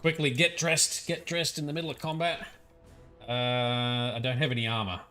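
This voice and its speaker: A man's voice: medium pitch, level tone, moderate pace, pushed and bright, soft background music. A young man with an Australian accent, chatting and thinking aloud while streaming a game, often laughing. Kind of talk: live-stream gameplay commentary.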